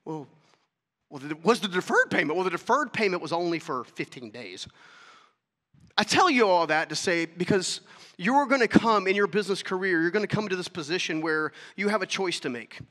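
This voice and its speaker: A man's voice: high-pitched, lively intonation, fairly quick, sharp tone, long reverb tail. A man telling a story to an audience as a motivational talk, acting out the dialogue and throwing questions at the listeners. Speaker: speaker.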